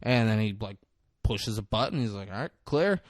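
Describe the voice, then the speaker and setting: A man's voice: fairly low pitch, normal speed, no room sound, clean studio sound. Man animatedly recapping a movie. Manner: animated retelling, acting out characters in quotes. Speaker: podcast co-host. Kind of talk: casual movie recap chat.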